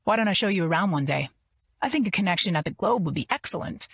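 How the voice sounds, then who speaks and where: A woman's voice: lowish voice, lively intonation, quick pace, gravelly, breathy edge, full character voice. A woman voicing a pushy, overfamiliar man flirting at a party, in a smarmy tone.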